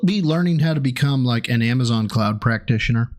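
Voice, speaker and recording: A man's voice: mid-range voice, lively intonation, a little fast. A man giving sarcastic, profane reaction commentary, ranting in exasperation. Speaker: co-host mocking a recap video.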